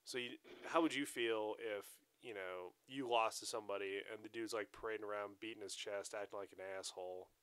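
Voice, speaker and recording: A man's voice: lowish voice, fairly quick, hardly any pauses, clean tone, dry recording. A man co-hosting a podcast in casual chat, swearing freely and acting out what others said in a raised voice. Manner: animated, swears a lot, acts out quotes in a raised voice. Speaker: podcast co-host.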